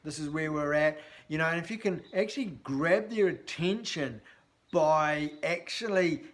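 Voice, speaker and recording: A man's voice: on the high side, unhurried. A man hosting a sales training talk, speaking in a blunt, chatty way with frequent fillers. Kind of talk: casual instructional talk to camera.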